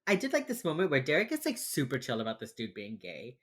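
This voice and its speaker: A woman's voice: very deep voice, wildly swooping pitch. A woman co-hosting a podcast, recapping a TV episode in rambling casual chat full of fillers. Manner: rambling, filler-heavy, with quick mocking impressions. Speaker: podcast co-host.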